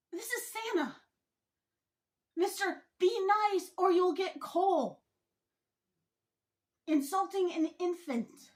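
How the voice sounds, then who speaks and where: Slow, high-voiced indignant woman. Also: lively intonation, a little mellow. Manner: deliberate, indignant, emphatic. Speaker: vlogger. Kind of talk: opinion commentary monologue.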